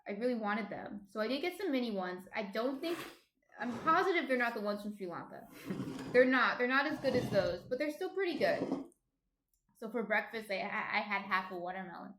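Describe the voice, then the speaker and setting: A woman with a New Jersey accent hosting a casual live cooking stream from home, chatty and quick to laugh as she reads out chat messages. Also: a little high, very animated, a bit bright. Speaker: stream host, baker. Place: home apartment. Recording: roomy echo.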